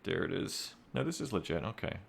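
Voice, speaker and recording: A man's voice: deep voice, big pitch swings, fairly quick, vocal fry, a little hiss or hum. A man chatting casually on his live stream, rambling, joking at his own expense and reading viewer names aloud. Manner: rambling, self-mocking, reads chat aloud.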